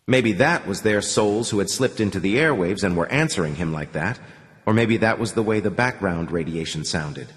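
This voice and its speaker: Brief: somber male audiobook reader; low, measured, echoing. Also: lively intonation. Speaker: audiobook narrator. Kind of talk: scripted narration. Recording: long reverb.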